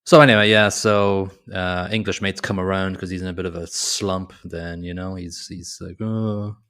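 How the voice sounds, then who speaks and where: A man's voice: low voice, little pitch movement, moderate pace, fairly bright tone, clear, resonant tone. A man co-hosting a casual movie podcast, rambling through the plot and laughing as he goes. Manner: rambling, laughs often, quotes characters in mock voices. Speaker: podcast co-host. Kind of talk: casual movie review chat.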